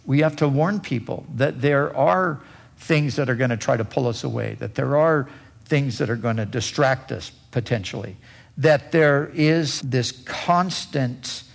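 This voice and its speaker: A man preaching a sermon as pastor, with deliberate emphatic repetition. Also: medium pitch, vocal fry.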